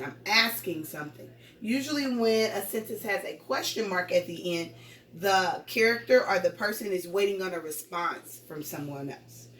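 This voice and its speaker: A woman teaching a young class to read. She is patient and encouraging, and she reads example sentences slowly with exaggerated rises and falls. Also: mid-range voice. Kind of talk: early-grades remote reading lesson. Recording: echoey room, voice from far off the mic.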